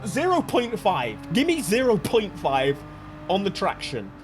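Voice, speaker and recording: High-voiced excitable man commenting on racing. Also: measured pace, over music. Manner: excitable, jokey, laughs often. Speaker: gaming channel host.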